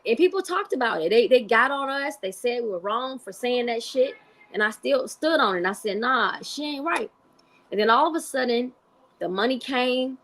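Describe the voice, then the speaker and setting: A woman's voice: on the high side, a bit bright. A woman hosting a live stream, delivering heated commentary in an emphatic, profane way and repeating points for emphasis.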